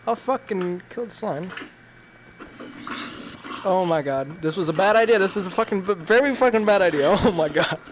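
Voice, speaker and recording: A man's voice: sits high, expressive, moderate pace, long pauses, slight background noise. A man reacting while playing a VR game, jumpy and panicky and swearing constantly. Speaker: gamer.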